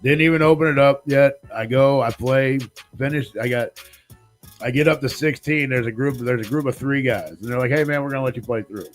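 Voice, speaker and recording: A man's voice: mid-range voice, fairly quick, faint music behind. A man in his forties, a podcast host, telling a long profane story in casual chat and acting out the other people's lines. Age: 40s.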